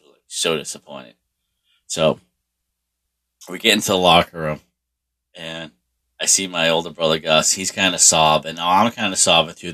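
A man casually telling a rambling personal story, swearing constantly and filling pauses with "like" and "you know.". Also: sits low, sharp tone. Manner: profane, rambling, heavy on swearing and fillers.

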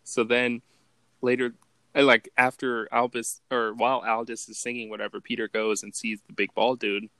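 A man's voice: mid-range voice, flat delivery, moderate pace, sharp tone, no echo. A man co-hosting a podcast, retelling movie scenes in casual chat and laughing often. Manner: laid-back, laughs often, acts out quotes in voices. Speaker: podcast co-host.

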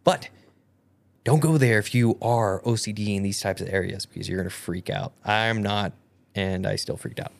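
A woman's voice: extremely low pitch, moderate pace, vocal fry. A woman co-hosting a podcast in casual chat, goofy and rambling, with many fillers and restarts. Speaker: podcast co-host.

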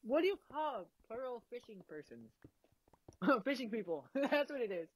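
A woman's voice: a little high, sing-song, normal speed, dry recording, rough recording. A young woman vlogging casually, rambling with lots of fillers and frequent giggles while she eats. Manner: eating while talking. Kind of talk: casual chat.

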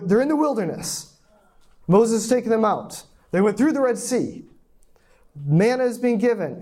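Male pastor, sermon, mellow warm tone, chatty teaching with asides. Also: high voice. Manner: conversational teaching, rhetorical asides; voices the crowd's lines with mock indignation.

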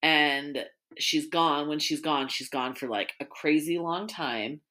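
A woman's voice: deep voice, takes it slowly, sharp tone. A woman hosting a casual podcast chat, reading listener stories aloud and telling her own work stories. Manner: reads listener stories aloud, reacts with laughs. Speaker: podcast host.

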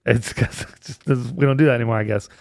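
A man swaps bartending and comedy stories in a casual podcast chat. His voice sits at an ordinary middle pitch, and he rambles with restarts and laughs running through the tale. The recording is dry and close, with no room echo. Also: steady tone, fast talker, vocal fry, darkish tone.

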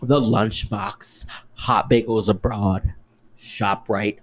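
A young man hosting a solo podcast, ranting in an exasperated, sarcastic way and swearing freely, jumping between loud outbursts and muttered asides. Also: fairly low pitch, fairly even intonation, takes it slowly, slight background noise. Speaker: podcast host.

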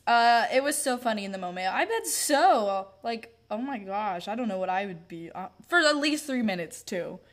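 A woman's voice: medium pitch, lively intonation, brisk, few pauses, a bit bright. A young woman co-hosting a podcast, chatting casually, rambling with lots of fillers and giggles. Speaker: podcast co-host. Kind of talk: casual chat.

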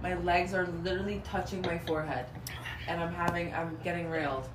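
A woman's voice: lowish voice, steady tone, a little fast, noisy background. A woman telling a blunt, candid story in casual chat, laughing as she goes. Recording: echoey room with faint ambience.

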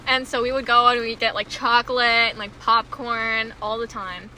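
A woman's voice: on the high side, moderate pace, a little hiss or hum. A young woman chatting casually as a co-host, reacting with gasps and telling stories packed with fillers. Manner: animated reactions, filler-heavy storytelling. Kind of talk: casual chat. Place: Houston, with rain outside.

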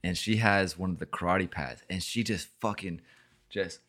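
Low-voiced young man telling a rambling story. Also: moderate pace, fairly bright tone. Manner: rambling, heavy swearing, lots of fillers. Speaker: podcast host. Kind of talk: casual storytelling chat.

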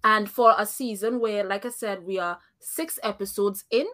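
A woman's voice: mid-range voice, moderate pace, fairly bright tone. A woman co-hosting a casual reality-show recap, speaking her opinions firmly, thinking aloud and laughing often. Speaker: podcast co-host.

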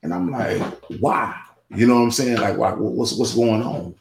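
A man's voice: fairly low pitch, brisk, creaky, darkish tone. A man talking in a casual podcast conversation, rambling with many restarts and asides. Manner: rambling, with many restarts and "you know what I'm saying". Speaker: guest. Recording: roomy echo.

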